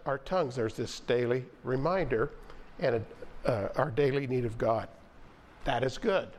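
A male pastor delivering a sermon, reading scripture aloud and stressing key phrases with slow, deliberate pauses. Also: mid-range voice.

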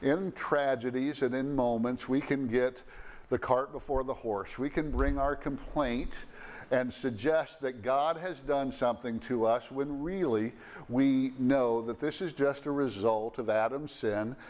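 A man's voice: medium pitch, a little slow, a little mellow. A middle-aged or older man preaching a sermon in an earnest manner, with fillers and restarts, his voice rising to stress key phrases.

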